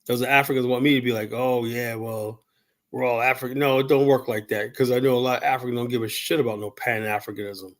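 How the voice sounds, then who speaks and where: A man's voice: mid-range voice, fairly even intonation, quick pace, few pauses. Heated American man ranting on air. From United States. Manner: heated, repetitive, peppers with "you know?". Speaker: host of a call-in show. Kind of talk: ranting livestream commentary.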